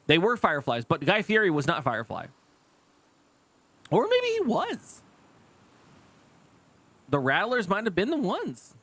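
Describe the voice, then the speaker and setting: A man's voice: sits high, wildly swooping pitch, unhurried, pauses often, fairly bright tone. Chatty, rambling male streamer. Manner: rambling, lots of restarts and fillers; swears freely, laughs easily. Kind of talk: casual live gameplay commentary.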